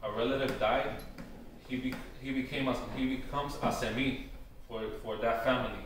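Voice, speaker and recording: A man giving an informal workshop talk, hesitant and full of "um" and "you know", slowing down to spell out words. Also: medium pitch, fairly even intonation. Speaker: workshop presenter on Taíno tradition. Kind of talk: informal teaching talk to a live group. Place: workshop room. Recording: very echoey room, far from the mic, faint noise.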